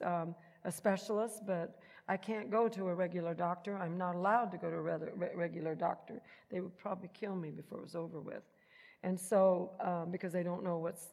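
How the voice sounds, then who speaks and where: A woman giving a personal testimony in an animated storytelling manner, acting out the voices she quotes. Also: lowish voice. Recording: long hall reverb.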